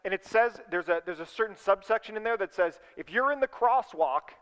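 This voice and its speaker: Middle-aged male pastor, high and smooth, animated storyteller in a sermon, long reverb. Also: a little fast. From California. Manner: animated storyteller, acts out his own voice.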